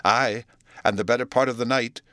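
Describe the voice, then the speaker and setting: A man voicing a frightened aging male butler who speaks in hushed, trembling tones in an audiobook. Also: mid-range voice, steady tone, a little fast, no echo, natural voice. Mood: fearful. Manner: hushed, tremulous.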